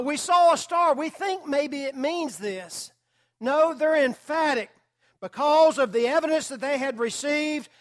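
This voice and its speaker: A male pastor preaching a sermon in a conversational, storytelling manner, with occasional filler words. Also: high voice.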